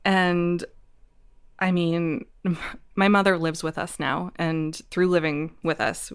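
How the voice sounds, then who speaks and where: A woman in her forties speaks as a podcast guest, open and reflective about her own life. Her voice sits a little low, and she breaks into laughter easily between thoughts. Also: little pitch movement, slow pace, clear, resonant tone. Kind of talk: candid personal storytelling in a conversation.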